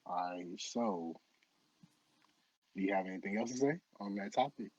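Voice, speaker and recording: A man's voice: on the low side, expressive, moderate pace, darkish tone, slightly rough, no echo. A man hosting an informal interview. He talks in a loose, joking way and laughs easily. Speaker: interview host. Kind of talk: casual interview chat. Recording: dull lo-fi dry sound.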